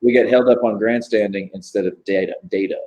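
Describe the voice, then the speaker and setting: Rambling, swearing low-voiced man. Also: steady tone, fast, darkish tone, highs cut off. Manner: rambling, profane, filler-heavy. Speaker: tattoo artist on a live chat stream. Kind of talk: casual chat.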